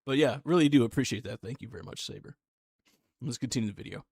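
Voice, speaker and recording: A relaxed male streamer talks casually between clips in a dry, close sound with no room around it. His voice sits at an ordinary middle pitch, and he chuckles easily while thanking his viewers. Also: quick pace, vocal fry, slightly rough, dry recording. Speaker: streamer reacting to videos. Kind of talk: casual live-stream chat.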